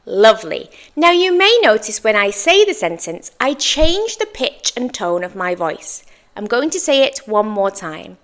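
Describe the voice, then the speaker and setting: A woman teaching an English lesson, speaking slowly and clearly with encouraging praise and exaggerated intonation for learners to repeat. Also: mid-range voice, sing-song.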